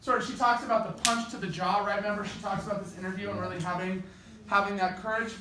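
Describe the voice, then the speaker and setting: A man's voice: high-pitched, steady tone, fast. A male teacher leading a classroom lesson, directing students and calling on them by name. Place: school classroom. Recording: very echoey classroom from far off, noisy.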